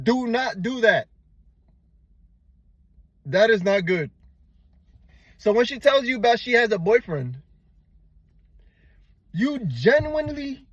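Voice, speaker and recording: A man's voice: high-pitched, fairly bright tone, no echo, dull audio. A man giving blunt, profane, slangy relationship advice to the camera, calling the viewer "man" and "bro". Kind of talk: unscripted advice monologue.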